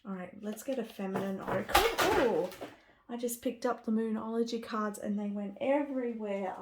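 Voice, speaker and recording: A woman's voice: on the high side, normal speed, background noise. A woman giving a spiritual card reading to camera. She talks with gushing enthusiasm and often trails off and restarts. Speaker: tarot card reader.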